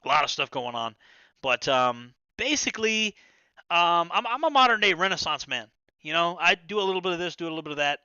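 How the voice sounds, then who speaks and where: Man, livestream host, very bright voice, dry dull lo-fi sound, casual profane rambling. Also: on the high side, animated, fairly quick, smooth, dry recording. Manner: loose and profane, full of stammered restarts.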